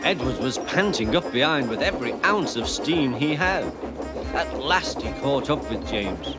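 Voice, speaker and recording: Animated male storyteller over music. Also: medium pitch, moderate pace. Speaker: narrator. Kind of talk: storybook narration.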